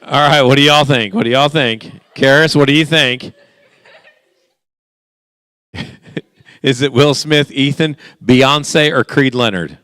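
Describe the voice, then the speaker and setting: A man with a clear, resonant, mid-range voice that's a bit bright hosts a guessing game for a church youth group. He's playful and teasing, trading quick back-and-forth with the teens. The recording is studio quality with no room sound.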